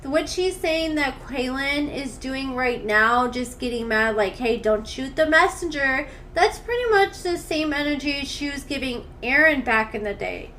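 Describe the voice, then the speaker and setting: A woman with a high voice recaps drama into a desktop studio mic. She is blunt and candid and drops sarcastic asides between the messages she reads aloud. A faint hiss sits under her voice. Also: expressive, a little slow, few pauses, a bit bright. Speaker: commentary channel host. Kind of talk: gossip commentary, reading messages aloud. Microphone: desktop USB studio mic.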